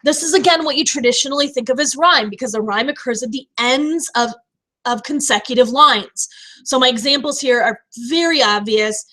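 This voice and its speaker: A woman teacher explaining poetry terms in a recorded lecture, slowing down to stress key words. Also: a little high, fairly bright tone.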